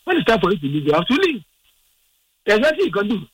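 A man phoning in to a sports radio show, animated and indignant, rambling and repeating himself. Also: high-pitched, fast, slight background noise, rough recording. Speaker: caller. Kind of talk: call-in radio football opinion.

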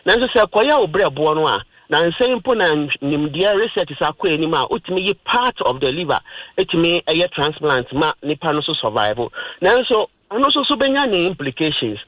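Man, Ghanaian accent, radio health talk, explanatory, fairly high pitch, dry close mic. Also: sing-song, brisk, a bit bright, dry recording, rough recording. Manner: explanatory, mixing in English terms.

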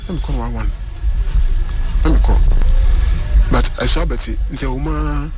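A man's voice: mid-range voice, normal speed. A man telling a personal story on a radio phone-in, switching between languages and often saying "yes, please". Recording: radio broadcast with music behind. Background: music.

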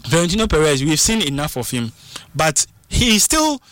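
A man giving animated football punditry, switching into local phrases and acting out what fans and coaches say. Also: a little high, moderate pace, no room sound, studio quality. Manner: excitable, mixes English with local phrases, acts out quotes. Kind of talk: animated sports talk.

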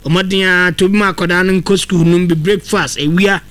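A man co-hosting a radio show, chatting briskly and reading an advert. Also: high-pitched, steady tone, fairly bright tone. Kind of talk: radio chat and live ad reading.

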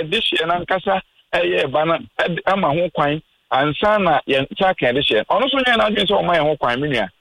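Family spokesman, male, from Ghana, slightly high voice; earnest, pleading radio guest. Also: gravelly, a bit bright, slight background noise, low-quality recording. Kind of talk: radio interview talk.

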